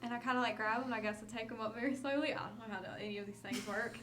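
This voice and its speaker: A woman plays a tabletop game, chatting loosely and laughing often. Her voice sits somewhat high. She describes her character's moves casually. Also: steady tone, rapid-fire, few pauses, noisy background. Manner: giggly, chatty. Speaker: player.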